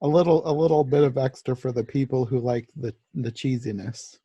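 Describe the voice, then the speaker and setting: A man's voice: medium pitch, a little fast, warm tone, breathy edge, no room sound, highs cut off. A man hosting a movie podcast in easygoing chat, asking his guests questions. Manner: easygoing, asks questions, short laughs. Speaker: podcast host. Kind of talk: casual chat.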